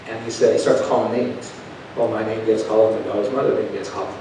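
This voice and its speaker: A male preacher telling a testimony in an animated storytelling manner, swinging from hushed to loud. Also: quick pace. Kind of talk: sermon testimony. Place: church. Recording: echoey church from a distant mic with background rumble.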